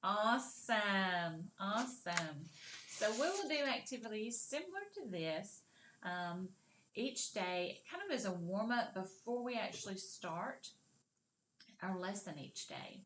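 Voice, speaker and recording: A woman teaching a kindergarten literacy lesson, speaking slowly and clearly as she models rhyming sentences and words for young learners. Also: mid-range voice, animated. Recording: roomy echo.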